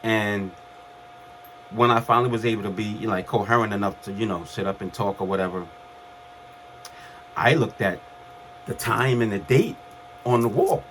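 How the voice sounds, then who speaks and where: A man in his fifties from Brooklyn tells his own heart transplant story to the camera. His voice sits fairly low and his talk is loose and conversational, full of restarts. Faint noise hangs behind him. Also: normal speed, long pauses. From Brooklyn, New York. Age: 50s. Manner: relaxed, conversational, with restarts and acted quotes. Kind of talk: casual storytelling.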